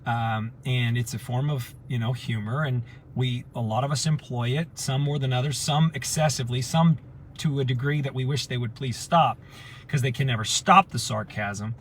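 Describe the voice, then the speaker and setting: A man's voice: mid-range voice, normal speed, a little hiss or hum. A man talking casually to his community group, telling stories and acting out the voices of people he quotes. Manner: animated storyteller, acts out quoted voices. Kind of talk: casual storytelling talk.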